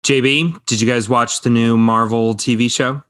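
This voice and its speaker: A man in his thirties co-hosting a podcast in casual chat, animated and quick with asides. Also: mid-range voice, clean tone. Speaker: podcast co-host.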